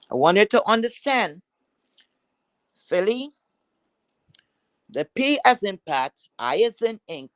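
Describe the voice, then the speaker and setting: A woman's voice: on the low side, dry recording. Woman host with an accent, angry profane rant, lectures like a mock teacher, dry close sound. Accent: has a non-standard accent. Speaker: livestream host.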